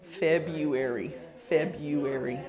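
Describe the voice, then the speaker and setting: An American woman teaching English pronunciation patiently, repeating words slowly and laughing easily. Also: sits low, a crowd in the background. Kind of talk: pronunciation lesson, casual explaining.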